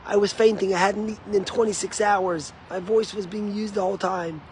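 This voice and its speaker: A man's voice: high-pitched, steady tone, a little fast, slight background noise, voice pushed up, lightly acted. A man voicing a humble male cantor who recounts his story in plain, confessional speech. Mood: recounting.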